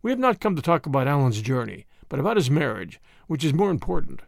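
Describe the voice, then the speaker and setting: A man's voice: on the high side, big pitch swings, quick pace, vocal fry, dry recording, clean studio sound. A man voicing a stern older Boer commandant who speaks in a firm, authoritative way.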